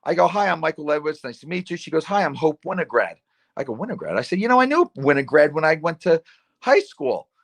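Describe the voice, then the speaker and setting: Guy, middle-aged, loud and animated, bit of a higher voice, telling a story and doing everybody's lines. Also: quick pace, vocal fry. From New Jersey. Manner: loud, animated storyteller who acts out dialogue. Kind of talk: casual storytelling.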